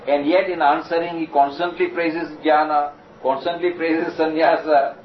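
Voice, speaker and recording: A man giving a measured, explanatory scripture lecture and slowly reciting Sanskrit verses. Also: a little high. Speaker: spiritual lecturer. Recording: distant, roomy, dull lo-fi recording with noise.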